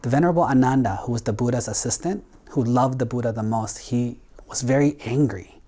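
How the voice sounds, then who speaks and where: A man's voice: medium pitch, fairly quick, dark tone. A male monk delivering a storytelling sermon in a loose, conversational manner. He drops in little acted quotes as he goes. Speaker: Buddhist monk.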